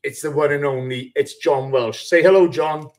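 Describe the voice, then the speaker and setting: A man's voice: fairly high pitch, fairly even intonation, moderate pace, a little mellow. Guy hosting a footy podcast, chatty, gets emotional, swears a bit. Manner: emotional, loose, swears casually. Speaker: podcast host. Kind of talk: casual podcast chat.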